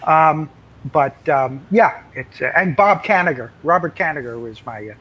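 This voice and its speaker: A man's voice: a little high, expressive, normal speed, dull audio. An older man, a comics writer, telling anecdotes in casual interview chat, rambling with many fillers and restarts.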